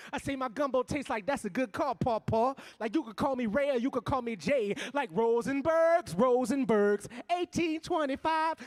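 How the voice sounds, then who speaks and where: A man with a strong New Orleans accent performs spoken word poetry from a live stage. His voice sits very high for a man, and his lines land in rhythmic, punchy runs that break into sudden loud bursts. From New Orleans, USA.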